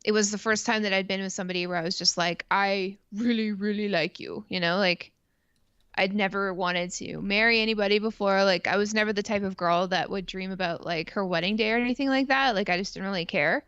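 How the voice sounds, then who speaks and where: A woman's voice: medium pitch, fast, a bit bright, clear, resonant tone, dry recording. Chatty Canadian-raised woman, dull dry audio. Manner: rambling, heavy on "like" fillers, swears freely. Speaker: stream co-host. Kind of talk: casual confessional storytelling.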